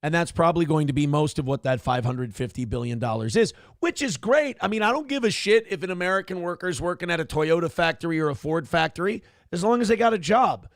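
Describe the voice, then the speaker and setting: A man hosting a morning show, giving blunt, profane, animated commentary on the news. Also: fairly high pitch, fast, few pauses, dry recording, clean studio sound. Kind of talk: casual political commentary.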